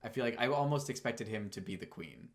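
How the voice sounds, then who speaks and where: A man's voice: medium pitch, expressive, quick pace. A man co-hosting a podcast, chatting casually and enthusiastically in a rambling way. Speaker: podcast co-host. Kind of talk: casual chat.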